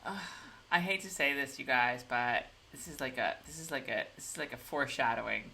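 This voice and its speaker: A woman co-hosting a casual TV recap show, animated and joking as she talks. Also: a bass voice, a little fast, vocal fry, slight background noise. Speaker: podcast co-host.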